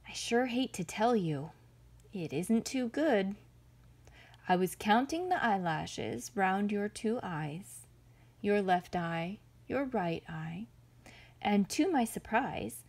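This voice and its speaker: A sly little storybook rabbit, as a woman puts him on, clever and quick in his thinking. He talks slowly, in a soft, breathy voice, coaxing and full of false sympathy. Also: mid-range voice, animated, exaggerated voice.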